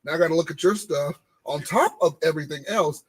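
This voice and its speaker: Husky man telling work stories. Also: a little high, fairly quick, low-quality recording. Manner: animated storytelling, repeating phrases. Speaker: podcast co-host. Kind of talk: casual chat.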